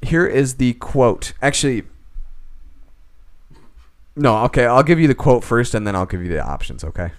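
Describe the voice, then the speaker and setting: A man co-hosting a podcast, chatting casually in a joking, animated way. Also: mid-range voice, smooth. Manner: animated, joking, quick to laugh. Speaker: podcast co-host. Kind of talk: casual chat.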